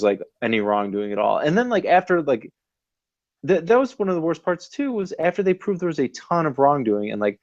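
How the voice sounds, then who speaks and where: A man co-hosting a podcast, chatting casually in an animated, rambling way with lots of fillers, a little tipsy. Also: mid-range voice, vocal fry, no room sound, highs cut off. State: slightly tipsy. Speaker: podcast co-host. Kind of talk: casual chat.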